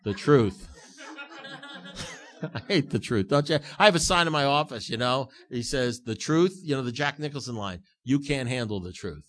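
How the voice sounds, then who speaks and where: A man addresses a recovery group with animated stories, emphatic and repetitive, often mocking himself. He speaks at a moderate pace in a medium-pitched, fairly bright voice.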